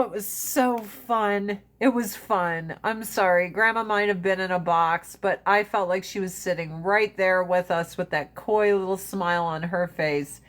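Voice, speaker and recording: Woman livestream host, unhurried pace, animated and profane storyteller. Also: medium pitch. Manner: animated storyteller, swears freely, laughs often. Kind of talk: casual storytelling. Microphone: phone.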